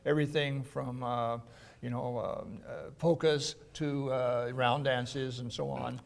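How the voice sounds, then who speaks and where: A man's voice: mid-range voice, fairly even intonation, measured pace, vocal fry. A man guest in a casual interview, explaining things in a chatty way and laughing often. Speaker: festival organizer guest.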